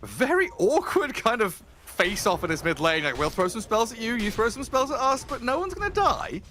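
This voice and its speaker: A man casting live play-by-play commentary in an animated, jokey way, quick to laugh. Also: very high voice, slight background noise. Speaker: esports caster.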